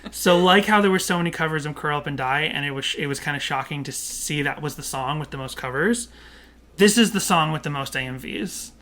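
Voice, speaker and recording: A young man co-hosting a podcast in casual chat, rambling at length, talking loudly and laughing often. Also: fairly high pitch, fairly quick. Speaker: podcast co-host.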